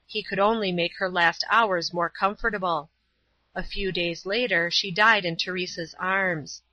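A woman reading a novel chapter aloud in an even, measured narration. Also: lowish voice, no room sound, lo-fi sound. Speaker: audiobook reader. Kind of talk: scripted narration.

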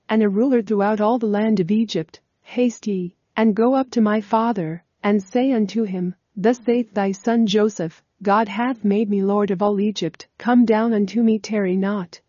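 A kind male ruler speaks gently and warmly to his brothers in archaic scriptural phrasing, voiced by a woman. The voice is mellow and the room dry. The recording sounds slightly dull and lo-fi. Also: medium pitch, no echo, natural voice.

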